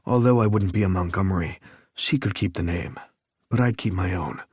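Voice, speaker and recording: Man, audiobook narrator, lowish voice, measured, dry close recording. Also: darkish tone, slightly rough, no echo. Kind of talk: first-person scripted narration.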